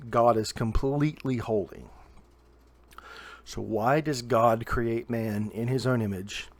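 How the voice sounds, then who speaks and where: A young man from Southern Ohio giving a short video sermon to camera, earnest and emphatic, slowing down and pausing to stress key words. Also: medium pitch. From Southern Ohio, USA. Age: young adult. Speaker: preacher.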